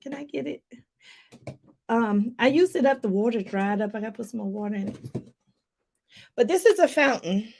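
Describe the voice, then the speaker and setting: A woman life coach talking casually to her viewers in a live stream, chatty and lively, laughing often and calling them "y'all". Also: normal speed, creaky, pauses often, slight background noise. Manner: lively, pitch jumps up for emphasis.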